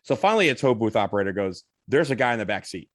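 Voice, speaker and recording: A man co-hosting a podcast, telling a story in an animated, casual way and swearing now and then. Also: on the low side, quick pace, no room sound, studio quality. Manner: animated, swears, acts out others' lines. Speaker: podcast co-host.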